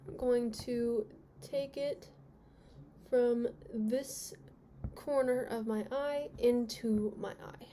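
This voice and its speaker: A woman's voice: on the high side, fairly even intonation, very slow, mellow, a little hiss or hum. A young woman, a beauty vlogger, chatting candidly through a makeup review and openly complaining about products.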